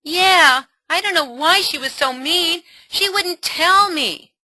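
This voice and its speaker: A woman's voice: very high voice, slow, bright, forceful tone, no echo, pitched above the performer's own voice, exaggerated voice. A woman voicing an upset teenage girl who sounds whiny and pleading in a parenting role play. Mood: hurt.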